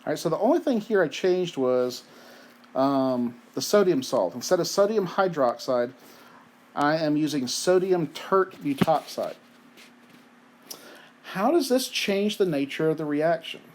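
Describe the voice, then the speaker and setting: A fairly high-voiced man lecturing on chemistry in a chatty, conversational tone. He keeps asking rhetorical questions and checking in with "right?", and he has the hiccups. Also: lively intonation, measured pace. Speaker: chemistry teacher. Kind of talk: recorded lecture.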